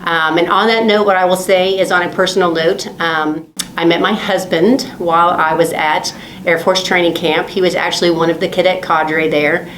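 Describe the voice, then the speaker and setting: A woman in her forties, an Air Force officer, reflecting on her training in a measured way with many fillers. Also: lowish voice, steady tone, fairly bright tone, a little hiss or hum. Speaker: Air Force officer, former ROTC cadet. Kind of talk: recorded oral history interview. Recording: roomy recording.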